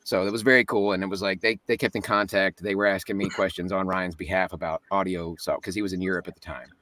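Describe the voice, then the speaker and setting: A chatty man speaks as a guest in a relaxed interview, joking and laughing as he tells his stories. His voice sits a little low. The recording is dry, with him sitting slightly back from the microphone. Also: fast talker, no echo, far from the mic. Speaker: guest voice actor. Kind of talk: casual interview chat.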